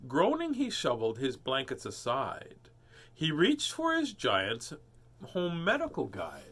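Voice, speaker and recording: A man's voice: medium pitch, wildly swooping pitch, unhurried, a bit bright, slightly rough. A man casually chatting and reading a picture book aloud, breaking into dramatic lines for the characters. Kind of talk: storybook read-aloud with chat.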